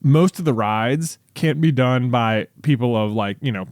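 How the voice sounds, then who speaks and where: A man's voice: mid-range voice, a little slow, a little mellow, no echo, clean studio sound. A man in his thirties co-hosting a podcast, telling stories in an easygoing casual way with fillers. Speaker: podcast co-host. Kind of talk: casual chat.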